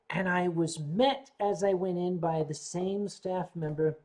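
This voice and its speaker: An older man from the United States hosting a casual livestream, rambling, reading viewer comments, often clearing his throat between sips. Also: fairly high pitch, a little mellow. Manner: sipping drinks while chatting. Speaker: livestream host.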